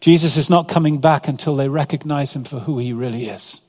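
A man's voice: medium pitch, a little fast, a little mellow, big-room sound. A man preaching an earnest sermon as pastor, reading scripture aloud between his own points.

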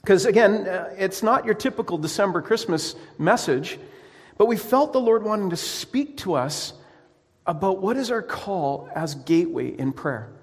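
A man preaching a sermon as pastor, telling a story with animated energy and frequent restarts. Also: high voice, normal speed, husky, long reverb tail.

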